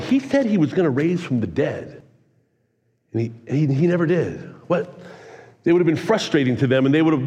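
Fired-up pastor preaching in a hall. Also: male voice, on the high side. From California. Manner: energetic storytelling, excitable and earnest. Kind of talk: sermon. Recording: long hall reverb.

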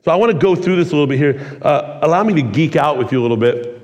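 A man preaching a sermon in a relaxed, conversational way, full of "like" and "kinda.". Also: a little high, very fast, dull audio. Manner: casual, conversational preaching with many "like"s. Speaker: pastor. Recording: long hall reverb.

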